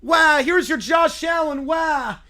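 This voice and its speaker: A woman's voice: high voice, slow, pushed and bright, raised voice, voice pushed up, heavily acted. A man voicing a sobbing young woman baker with a put-on British accent, wailing as she talks. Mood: proud. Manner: wailing, tearful "wah" sobs.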